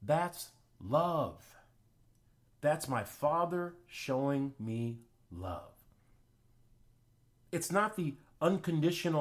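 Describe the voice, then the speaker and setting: A man's voice: fairly high pitch, sing-song, extremely slow, long pauses. A man hosting his own channel, giving an emphatic, preachy commentary monologue and telling personal anecdotes. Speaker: channel host.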